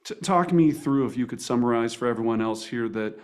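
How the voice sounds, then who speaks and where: A man's voice: medium pitch, animated, brisk. An enthusiastic man hosts an interview, voice in a mid range. He stumbles through restarts and fillers, jumping between praise and his next question. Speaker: host. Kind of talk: interview hosting.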